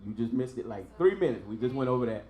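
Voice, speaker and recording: A man's voice: medium pitch, animated, fast, a little mellow, echoey room. A man teaching a Hebrew class, patiently repeating each sound for his student. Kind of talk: online language lesson.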